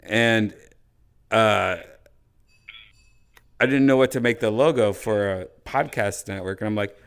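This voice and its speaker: A man's voice: lowish voice, measured pace. A man hosting a podcast, telling rambling, profane stories with acted-out quotes. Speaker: podcast host. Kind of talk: casual podcast chat.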